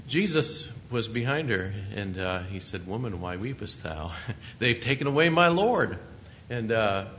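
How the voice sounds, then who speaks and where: A man preaching a sermon, paraphrasing scripture in a conversational teaching manner with asides to listeners. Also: sharp tone. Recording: dull lo-fi sound with faint rumble.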